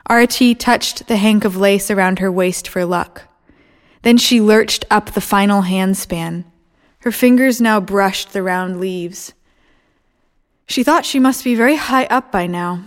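A woman's voice: medium pitch, measured pace. Woman narrating a story steadily. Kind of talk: audiobook narration.

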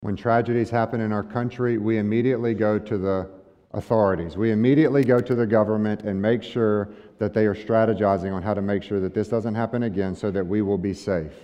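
Male pastor, sermon, low mellow voice, conversational, rhetorical questions. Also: steady tone, fairly quick. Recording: dull lo-fi sound with long hall reverb.

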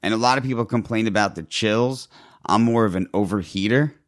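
A man's voice: lowish voice, a little fast. A man in casual conversation, rambling and swearing with many restarts. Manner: rambling, profane, frequent restarts. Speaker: guest describing withdrawal.

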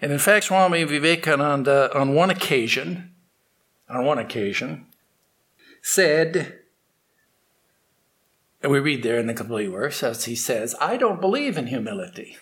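A man giving a morning spiritual talk, telling a fable in a slow, halting way with restarts. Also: medium pitch, a bit bright. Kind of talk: sermon with storytelling.

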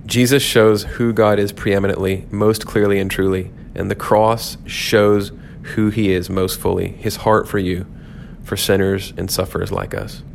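A man's voice: fairly low pitch, little pitch movement, unhurried, gravelly, few pauses, a little hiss or hum. A man hosting a devotional podcast, talking through scripture in an earnest, reflective way and repeating key phrases for emphasis. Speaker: podcast host teaching on scripture.

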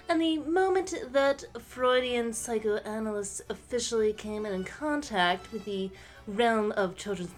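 A woman's voice: medium pitch, pitched below the performer's own voice, lightly acted. A woman voicing a snobby, overeducated female literary scholar, reading aloud in a pompous, nasal tone. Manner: reads aloud in a pompous, lofty tone.

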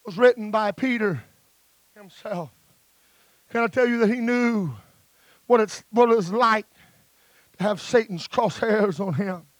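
A man's voice: sits high, dry recording. A man preaching a sermon with emphatic phrasing, punctuating his lines with "uh", with guitar music playing behind him.

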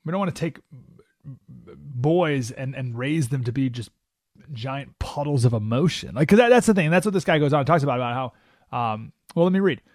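A man's voice: mid-range voice, lively intonation, a little fast, no echo, studio quality. A man hosting a radio talk show, giving an emphatic, opinionated monologue and acting out the voices he quotes. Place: radio studio.

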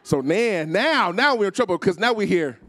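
Brief: male guest preacher, animated storyteller, slightly high and very expressive pitch, works the congregation. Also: moderate pace. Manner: animated, acts out voices, calls on the crowd. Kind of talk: storytelling sermon.

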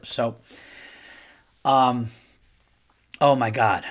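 A middle-aged man telling a story in casual chat as a podcast host, animated and swearing, often repeating and restarting his words. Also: medium pitch.

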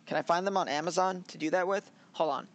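A man's voice: high voice, quick pace. A man co-hosting a casual anime review chat, rambling, laughing and acting out scenes as he talks. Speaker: podcast co-host.

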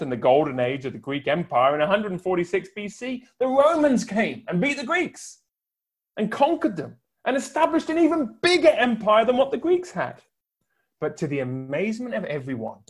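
A man's voice: high-pitched, very animated. A man preaching a sermon from home for an online service, building his points with emphatic, rhetorical repetition. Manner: emphatic, rhetorical build-ups with long pauses. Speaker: pastor.

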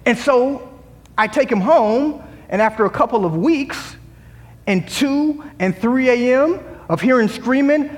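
High-voiced man preaching in a reverberant hall. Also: lively intonation, measured pace. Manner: preaching with rising emphasis, quoting scripture; humorous asides. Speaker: pastor. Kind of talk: sermon. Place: church sanctuary.

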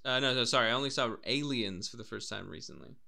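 Bright-voiced man, casual chat. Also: medium pitch, fast talker, creaky. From Wales. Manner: swears freely, acts out voices and laughs while telling stories.

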